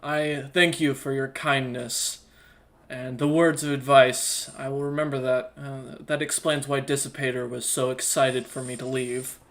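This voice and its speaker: A man playing a blunt but courteous male warrior in a tabletop game, speaking with slow, formal politeness. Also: medium pitch, flat delivery, a bit bright.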